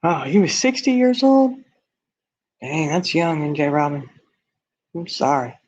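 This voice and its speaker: A man's voice: a little high, very animated, measured pace. A man hosting a casual livestream, reading viewer comments and talking bluntly and candidly, often laughing at his own remarks. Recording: dull lo-fi stream audio.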